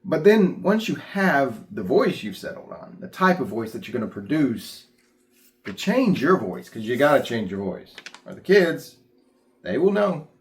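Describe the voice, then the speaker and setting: A man's voice: medium pitch, big pitch swings, measured pace. A man teaching church puppeteers in a casual, plainspoken instructional talk. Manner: plainspoken, demonstrates voices.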